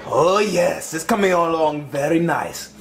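A man voicing a melodramatic, whiny monster king in a comedy puppet video, sobbing and shouting in despair. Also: on the high side, lively intonation, measured pace, reverberant. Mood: musing. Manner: melodramatic, over-the-top despair. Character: whiny crybaby monster king, obsessed with a kids' show.

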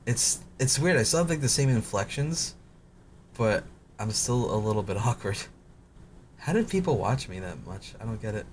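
A man's voice: lowish voice, animated, moderate pace, a little hiss or hum. A man in his late twenties with a cracking voice, a gaming creator rambling and swearing through casual commentary on his old videos. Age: late 20s. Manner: rambling, swears a lot, self-mocking.

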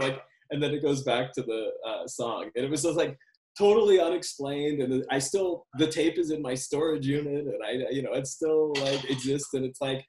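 A man's voice: a little high, darkish tone. A male screenwriter answering interview questions on a video call, rambling and correcting himself as he goes, laughing often. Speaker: screenwriter guest. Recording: roomy echo.

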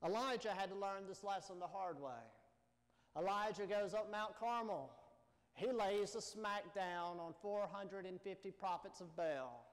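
Slow, high-voiced man preaching in a reverberant church. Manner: measured, emphatic preaching with rhetorical questions. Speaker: pastor. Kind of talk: sermon. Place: church sanctuary.

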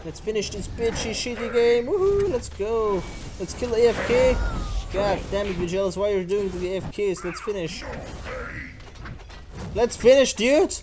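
A man giving excitable gameplay commentary while playing, whooping, swearing and exclaiming often. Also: high voice, normal speed, noisy background. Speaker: channel host playing a mobile game.

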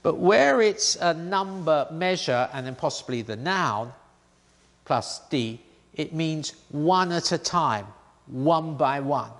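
A man with a slightly high, very lively voice teaches grammar at an unhurried, deliberate pace. His words trail off into a long reverb. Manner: slow, deliberate explanations with spoken example sentences. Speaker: Chinese language teacher. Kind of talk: grammar lesson.

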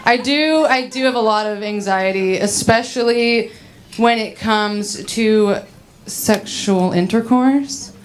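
A young woman in her twenties performs a stand-up set into a handheld mic, her voice sitting a little high. She talks in a bubbly, giggly way. The live club recording is noisy, with laughter rolling in from the audience. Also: slow. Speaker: stand-up comic. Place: comedy club stage.

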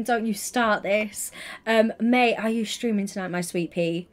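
A woman's voice: a little high, a little slow. A woman chatting casually on a gaming livestream, gushing and affectionate as she greets viewers by name.

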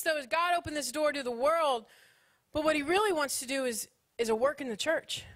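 A woman in her thirties preaching a sermon at a conference, animated and joking, with Southern phrasing. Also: high voice. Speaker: conference speaker.

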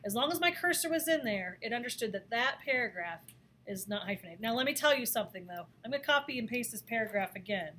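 A woman teaching a design software lesson, talking through each step in a chatty way with frequent fillers. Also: on the high side, animated, fast, a little hiss or hum. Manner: chatty, thinks aloud with fillers. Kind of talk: screen-recorded software lesson.

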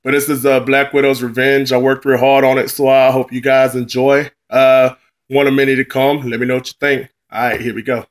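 A man's voice: medium pitch, flat delivery, brisk. A man casually introducing his own rap track, talking in a loose, slangy, laid-back way. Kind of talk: casual spoken intro and outro to a rap video.

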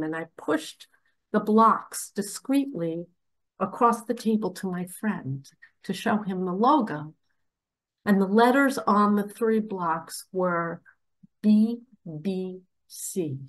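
A woman's voice: medium pitch, takes it slowly. A woman earnestly telling a personal story about a nightmare, speaking with emphasis. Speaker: religious speaker.

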